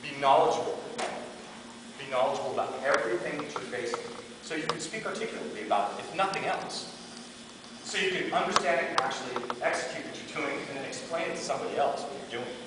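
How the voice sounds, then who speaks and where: A middle-aged man teaching a martial arts class, telling animated stories and acting out quotes. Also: mid-range voice, fast. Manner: animated storyteller, acts out quotes, laughs often. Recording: echoey hall from far off, background noise.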